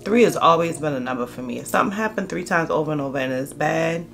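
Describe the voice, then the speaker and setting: A woman's voice: low voice, fast, creaky, a bit bright, soft background music. A woman telling a personal storytime vlog story, candid and conversational, acting out the dialogue. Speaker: vlogger.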